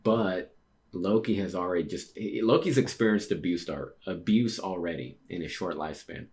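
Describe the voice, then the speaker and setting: A young man reads a manga chapter aloud, delivering the dialogue plainly and breaking off to react in surprise and comment. His voice is low-pitched and a little mellow, at a normal speed.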